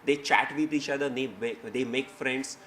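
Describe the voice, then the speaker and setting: A man's voice: medium pitch, fairly even intonation, moderate pace, a bit bright, a little hiss or hum. A man giving a seminar presentation, explaining his teaching approach with frequent restarts and fillers. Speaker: speaker presenting his company. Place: seminar hall.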